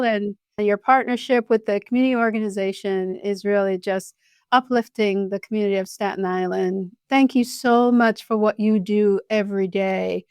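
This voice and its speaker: A woman's voice: mid-range voice, clean tone, dry recording, studio quality. A woman co-hosting a podcast who affirms and thanks the guest in an encouraging way. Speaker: podcast co-host. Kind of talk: interview hosting.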